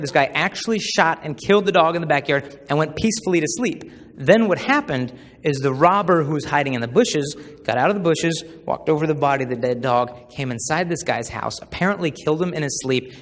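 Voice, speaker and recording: A young man with a fairly high voice gives a live talk in a large hall, where a long reverb trails after his words. He tells funny stories and slips into the voices of the people he quotes. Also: fairly bright tone. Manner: humorous storyteller who acts out quoted voices. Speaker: speaker at a chastity talk.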